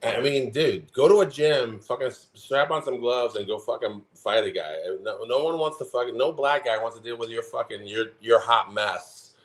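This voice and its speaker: A man's voice: medium pitch, moderate pace, few pauses. A man in his forties, a podcast co-host, telling a heated, profanity-filled story in casual chat. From Omaha, Nebraska. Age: 40s.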